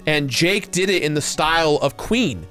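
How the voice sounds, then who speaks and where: A man in casual podcast chat, telling an animated story and acting out quotes loudly. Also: fairly high pitch, moderate pace, loud music behind the voice. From Los Angeles area.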